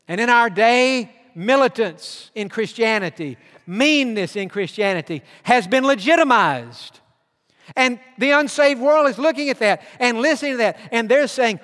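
A man preaching a sermon, swinging from loud declarations to hushed tones. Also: very high voice, animated, normal speed. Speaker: pastor. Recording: long hall reverb.

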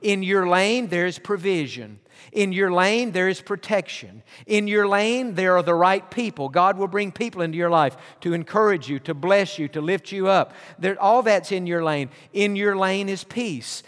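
A man's voice: high voice, moderate pace, fairly bright tone. A male pastor delivering a sermon, preaching emphatically with repeated refrains. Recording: long reverb of a large hall.

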